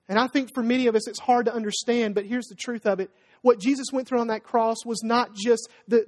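A preacher delivering a sermon with emphasis, pausing to ask the listeners to finish his sentences. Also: medium pitch. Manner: emphatic, rhetorical call-and-response questions. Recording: long hall reverb.

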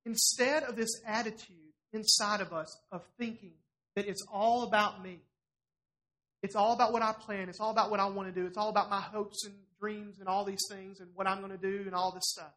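Bright-voiced preaching pastor. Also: male voice, sits high, brisk. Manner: animated preaching, voicing scripture in a challenging tone. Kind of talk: sermon. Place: church room with congregation.

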